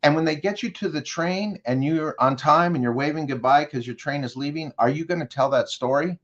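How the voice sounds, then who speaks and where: A man's voice: a little high, brisk, fairly bright tone, muffled recording. Man guiding a vivid scenario. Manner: leads the listener with direct questions. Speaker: guest consultant. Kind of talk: guided storytelling in an interview.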